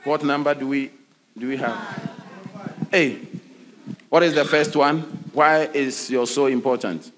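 A man preaching a sermon as pastor, animated, with sudden high shouts and laughing asides. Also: a little slow, pauses often, a little hiss or hum.

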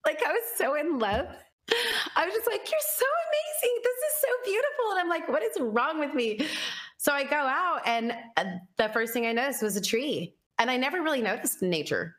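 A woman's voice: lowish voice, a bit bright. A woman telling her personal story in casual conversation, chatty and earnest, full of fillers and quoted thoughts. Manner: earnest and reflective.

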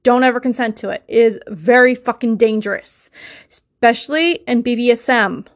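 A woman's voice: on the high side, moderate pace. A young woman hosting a solo podcast, talking in an emotional, insistent way and swearing often. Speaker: podcast host.

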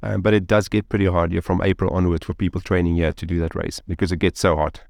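A man, a guest telling a story in an interview, rambling and animated with lots of fillers like "like" and "you know". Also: low-pitched, fast talker, creaky, no echo, clean studio sound.

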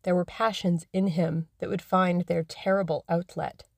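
A woman narrating a classic novel in a measured, even way, as scripted audiobook narration. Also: on the low side, creaky, no room sound, studio quality.

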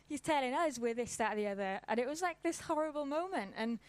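A woman's voice: high-pitched, lively intonation, brisk, dry recording. A woman, giving an informal church talk and telling a personal story in a casual, conversational way. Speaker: church speaker.

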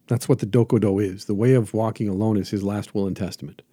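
A man's voice: on the low side, fairly even intonation, fast, few pauses, dark tone, slightly rough, no room sound, clean studio sound. A man hosting a reflective motivational monologue as a jiu-jitsu teacher, earnest and emphatic with lots of repetition.

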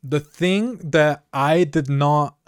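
Speaking slowly with a fairly high, clear and resonant voice, this Mexican man co-hosts a podcast and spins rambling comic stories. He keeps dropping "dude" and "you know," and the recording is completely dry.

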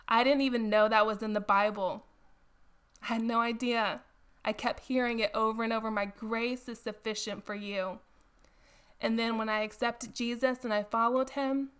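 A woman's voice: a little high, pushed and bright, clean tone. A woman hosting a Bible study, reading scripture aloud and talking about it in a casual, chatty way. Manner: casual and chatty, with laughs and exclamations. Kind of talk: Bible reading and devotional talk.

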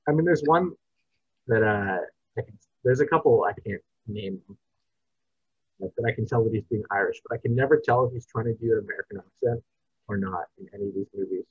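Husky-voiced man rambling about movies. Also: mid-range voice, no echo. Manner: rambling, restarts, drops into a mumble at ends. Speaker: podcast co-host. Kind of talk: casual movie review chat. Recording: dull, dry podcast mic.

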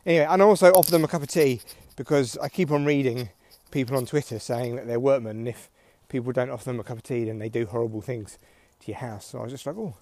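A man's voice: medium pitch, steady tone, quick pace, hardly any pauses, a little mellow, dry recording. A man hosting a solo podcast, rambling through a dry, self-mocking comic monologue. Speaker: podcast host.

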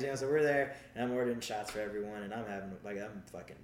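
A man's voice: lowish voice, rapid-fire. A man casually telling a rambling, profane story, laughing as he goes. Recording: roomy sound with faint background ambience.

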